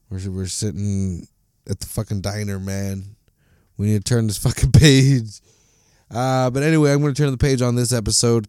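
A man hosts his own sports podcast alone, ranting in a blunt, swear-heavy way. His voice sits low, smooth and mellow, and it is recorded dry and close with no room sound. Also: no room sound. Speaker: podcast host. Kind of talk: solo sports podcast rant.

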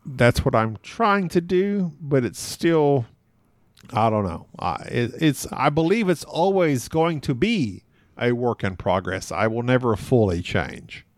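A man's voice: mid-range voice, expressive, unhurried, dry recording, studio quality. A man appearing as a podcast guest who tells stories in a loose, chatty way, laughing often mid-sentence and poking fun at himself. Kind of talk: casual conversational storytelling.

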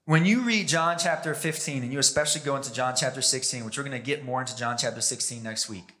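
A man preaching a sermon as pastor, emphatic, pushing his pitch and pace up and down for emphasis. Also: fast, bright, forceful tone.

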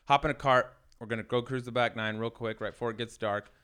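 Smooth-voiced man telling a rambling story. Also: medium pitch, steady tone, quick pace, pushed and bright. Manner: rambling anecdotes with self-corrections. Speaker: podcast co-host. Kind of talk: casual storytelling chat. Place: studio.

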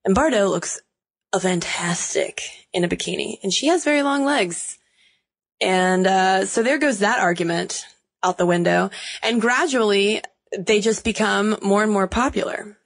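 A woman's voice: mid-range voice, normal speed, gravelly. A young woman co-hosting a podcast, chatty and wry, laughing easily as she talks. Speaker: podcast co-host. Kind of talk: casual chat.

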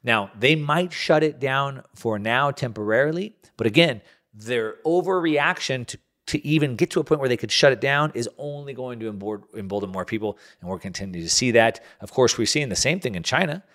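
A man's voice: mid-range voice, animated, brisk, fairly bright tone. A man hosting a solo commentary podcast, talking in an emphatic way and repeating words as he builds a point. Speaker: podcast host.

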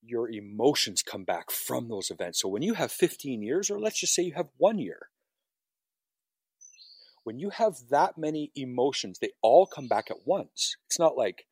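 A man's voice: medium pitch, big pitch swings, normal speed, slightly rough, no echo. A firefighter being interviewed, telling his story in a raw, emotional way with frequent swearing. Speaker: firefighter guest. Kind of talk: personal story on a podcast.

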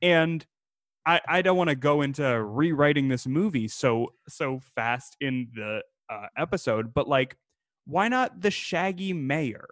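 A man co-hosting a casual podcast about an old film, rambling and animated, laughing as he talks. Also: on the high side, unhurried, dry recording, studio quality. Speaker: podcast co-host.

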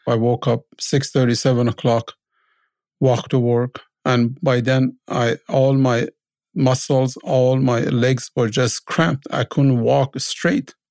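Gravelly middle-aged man telling his story. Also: medium pitch, steady tone, darkish tone, dry recording. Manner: halting, repeats words, acts out quoted voices. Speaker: storyteller recalling his immigration. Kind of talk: casual spoken memoir.

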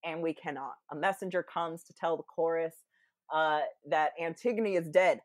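Chatty low-voiced woman, dry close mic. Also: normal speed, no room sound. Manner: chatty, many fillers, acts out quoted lines in playful voices. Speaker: podcast guest. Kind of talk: casual explanatory storytelling.

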